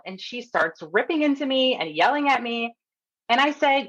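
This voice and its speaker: A woman's voice: on the high side, moderate pace. A woman from Canada, a nurse coach, telling a story as a podcast guest and acting out the people in it. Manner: animated storyteller, acts out quotes, laughs often. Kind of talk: casual storytelling interview.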